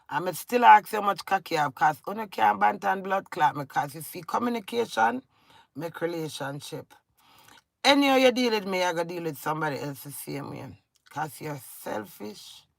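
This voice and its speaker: A woman's voice: medium pitch, gravelly, no room sound. A middle-aged Jamaican woman ranting to her husband in a scolding, confrontational way, talking in patois. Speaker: vlogger. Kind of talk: emotional rant to camera.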